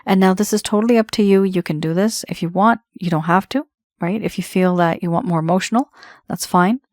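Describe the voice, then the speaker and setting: Low-voiced woman giving a tarot reading. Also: fairly quick, darkish tone, dry recording, studio quality. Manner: reassuring, conversational, addresses viewer directly. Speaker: tarot reader.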